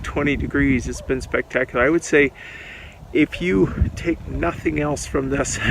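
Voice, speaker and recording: Male vlogger, gravelly and candid, open rambling delivery, noisy outdoor take with traffic. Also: fairly high pitch, a bit bright. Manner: open, rambling, reflective, with frequent fillers. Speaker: vlogger documenting a long fast. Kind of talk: candid personal vlog. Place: outdoors on a sunny walk. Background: outdoor ambience and passing vehicles.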